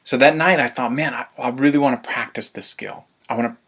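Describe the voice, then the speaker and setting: A man giving a parenting webinar, lively and laughing often, acting out everyday demands parents make. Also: medium pitch, fairly quick. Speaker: parenting coach. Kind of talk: webinar presentation.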